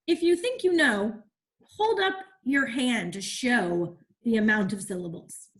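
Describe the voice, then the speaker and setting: A woman teaches an online class over a video call, encouraging the children and asking them questions as she explains. Her voice is a little high and a little slow, with big swings in pitch.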